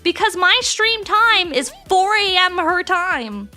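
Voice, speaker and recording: A young woman streaming live, chatting casually with her chat, bubbly and prone to sudden excited squeals. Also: extremely high pitch, takes it slowly, soft background music. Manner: bubbly, reads and answers chat, jumps to squeals.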